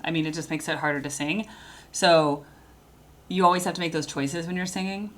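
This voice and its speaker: Bright-voiced woman explaining singing technique. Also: low-pitched, steady tone, brisk. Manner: explains vocal technique and mixes in brief sung demonstrations. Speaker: music reaction host and vocal coach. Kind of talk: casual reaction commentary.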